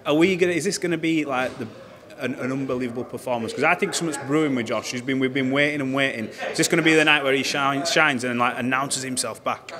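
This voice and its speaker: Male ringside interviewer, teasing and chatty, lower voice, crowd roaring. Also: fast talker. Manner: chatty, teasing, long questions. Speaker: boxing interviewer. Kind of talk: casual interview. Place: busy boxing arena. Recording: loud arena crowd behind.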